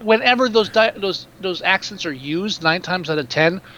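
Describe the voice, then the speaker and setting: A man's voice: high voice, expressive, moderate pace, pushed and bright, slight background noise. A man co-hosting a casual movie review chat, blunt and profane as he rants about films. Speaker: podcast co-host. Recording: dull lo-fi mic.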